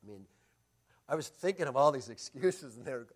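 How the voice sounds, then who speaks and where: A middle-aged man pastor preaching a sermon, telling stories and moving between loud emphasis and quiet asides. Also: mid-range voice, animated, normal speed.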